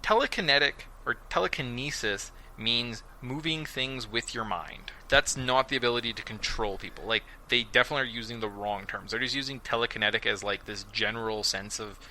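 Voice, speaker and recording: A male podcast host recaps episodes in a casual, sarcastic way, slipping into mocking voices. His tone is very bright and edgy. A faint hiss sits under the recording. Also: mid-range voice, fairly quick, few pauses, rough recording. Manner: sarcastic, animated storytelling with mocking quoted voices.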